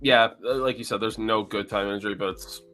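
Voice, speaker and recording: Low-voiced man with a bright, forceful tone. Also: brisk, faint music behind. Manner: animated fan opinions. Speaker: podcast co-host. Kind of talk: casual sports chat.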